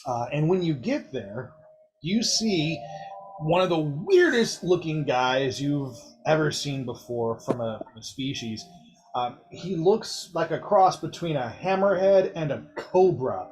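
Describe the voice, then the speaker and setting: A man narrating as game master of a tabletop game, his voice sitting a little on the higher side. He talks in a chatty, descriptive way, with frequent fillers and easy laughter. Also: expressive, a little slow, a little mellow, slight background noise.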